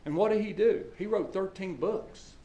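A man's voice: sits high, normal speed, warm tone, dull audio. A middle-aged man preaching a sermon in a folksy storytelling way, with lots of fillers and restarts, in a church hall. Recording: echoey church hall with faint ambience.

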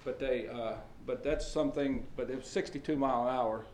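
A man's voice: mid-range voice, steady tone, brisk, a little mellow, a little hiss or hum. Folksy male preacher in an echoey hall. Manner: folksy storytelling with many fillers and restarts. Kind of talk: sermon. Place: church hall. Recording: echoey church hall with faint ambience.

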